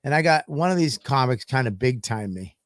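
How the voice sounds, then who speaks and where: A man's voice: mid-range voice, expressive, fairly quick, no echo. A man, a comedian and podcast host, telling stories in a profane, ranting way in casual chat.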